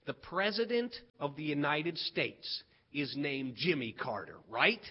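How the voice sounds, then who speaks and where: A man doing an earnest, low-voiced schoolboy theorist. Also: expressive, unhurried, slightly rough, lo-fi sound. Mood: earnest explaining. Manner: insistent, explaining step by step.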